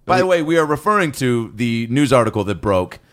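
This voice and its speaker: A male comedian co-hosting a casual podcast, talking with quick, profane asides. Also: medium pitch, big pitch swings. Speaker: podcast co-host.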